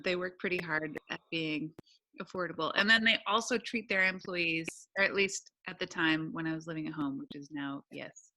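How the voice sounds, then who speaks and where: Chatty bright-voiced woman from upstate New York. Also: on the low side. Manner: laughs often, chatty and self-deprecating. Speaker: podcast co-host. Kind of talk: casual chat.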